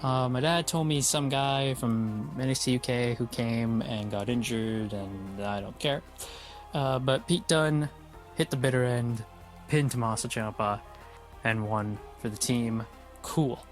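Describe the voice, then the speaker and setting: A man casually recapping a wrestling show, blunt, opinionated and quick to swear. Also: medium pitch, soft background music.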